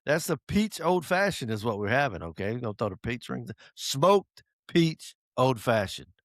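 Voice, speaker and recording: A man talks in a casual podcast chat. He is animated and playful and swears now and then. His voice sits in a middle pitch and is recorded close and dry. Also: normal speed, no room sound. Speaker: podcast co-host.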